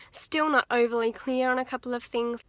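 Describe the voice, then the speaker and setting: A woman's voice: fairly high pitch, fairly bright tone, no echo. A young woman chatting casually to her camera while out and about, with music behind her. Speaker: vlogger. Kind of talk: casual vlog narration. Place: car and outdoors in the street.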